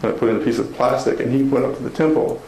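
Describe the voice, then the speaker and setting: A man's voice: mid-range voice, racing, creaky, a little mellow. A man, a motivational speaker, telling a personal story to an audience with laughing, self-deprecating humor and emotion. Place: conference hall before an audience. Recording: echoey hall with room noise.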